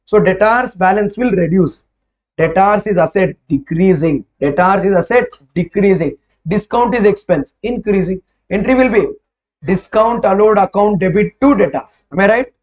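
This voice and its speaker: A man's voice: high-pitched, expressive, moderate pace. A man teaching an accounting class, who keeps quizzing students and repeats each figure aloud. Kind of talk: classroom lecture.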